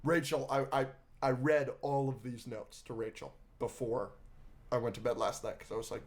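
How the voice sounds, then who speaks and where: A man co-hosting a podcast, chatting excitedly about a film, gushing and swearing freely. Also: mid-range voice, normal speed. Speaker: podcast co-host. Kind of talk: casual film review chat.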